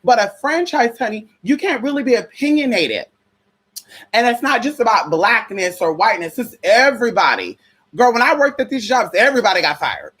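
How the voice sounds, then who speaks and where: Young woman ranting on her channel, husky voice that swings all over, cussing and calling everyone girl. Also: fairly high pitch, very animated, fairly quick, fairly bright tone. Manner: sassy, profane, calls listeners honey and girl. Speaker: spiritual vlogger. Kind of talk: casual opinion rant.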